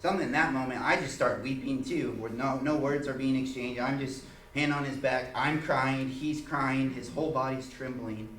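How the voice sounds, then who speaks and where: A man leading an informal church teaching, telling a personal story in an earnest, halting way with many restarts. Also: mid-range voice, fairly bright tone. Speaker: church group leader. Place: church meeting room. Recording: echoey room, mic far off, faint hiss.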